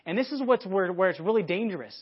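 A man's voice: sits high, expressive, quick pace, slightly rough. A man from the United States preaching a sermon in a conversational way, acting out people's thoughts as he goes. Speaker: pastor. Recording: dull lo-fi sermon audio.

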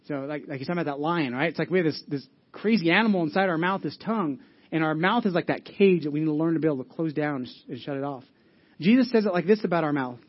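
A man's voice: fairly high pitch, quick pace, lo-fi sound. A man preaching a conversational sermon, earnest, often restarting and repeating phrases and putting questions to the congregation. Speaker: pastor.

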